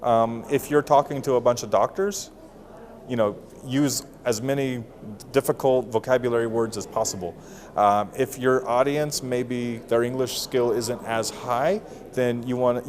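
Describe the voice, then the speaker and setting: A man in his thirties who teaches English at university, answering interview questions about giving speeches in a relaxed, explaining way. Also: mid-range voice, moderate pace. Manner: casual, explanatory, with fillers and restarts. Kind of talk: interview answers on public speaking.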